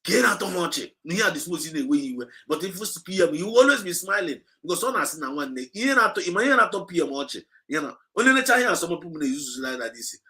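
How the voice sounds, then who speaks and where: A man with an Igbo accent preaches on a livestream in a forceful, bright voice that sits a little high. He exhorts and repeats himself, moving back and forth between English and Igbo. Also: animated, fast talker, few pauses. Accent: Nigerian Igbo. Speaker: movement speaker.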